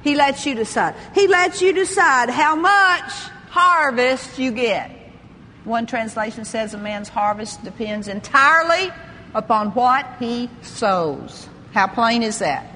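An older woman preaching a sermon, lively, laughing often and exclaiming praise. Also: a little high, slow pace, in a large hall, slight background noise.

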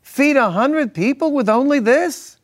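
A man voicing an exasperated male servant who can't believe what he is told, in a loud, exaggerated put-on accent. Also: extremely high pitch, animated, measured pace, pitched above the performer's own voice. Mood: incredulous.

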